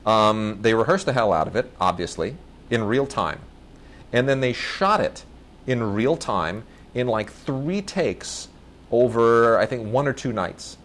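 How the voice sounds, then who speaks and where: A man's voice: mid-range voice, lively intonation, a little slow, fairly bright tone, slight background noise. Enthusiastic rambling man reviewing films. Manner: enthusiastic, rambling, often restarts and self-corrects. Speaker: film review co-host. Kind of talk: casual movie review chat.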